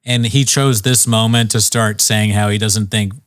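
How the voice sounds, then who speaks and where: A man's voice: fairly low pitch, fairly even intonation, moderate pace, a bit bright, clean tone, dry recording, clean studio sound. A man hosting a comedy podcast, telling a story in a laid-back way, swearing casually and laughing along.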